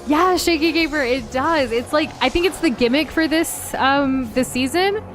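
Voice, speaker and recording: A woman's voice: high voice, normal speed, soft background music. A woman co-hosting a gaming stream, chatting casually and greeting viewers, with lots of likes and ums and frequent giggles. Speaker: streamer co-host. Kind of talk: casual chat while gaming.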